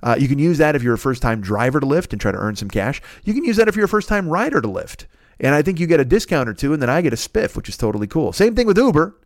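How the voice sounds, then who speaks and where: A man's voice: on the high side, very animated, fast talker, no room sound, clean studio sound. Rambling, profane podcast host man. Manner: rambling, profane, self-mocking. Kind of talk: casual plugs and shout-outs.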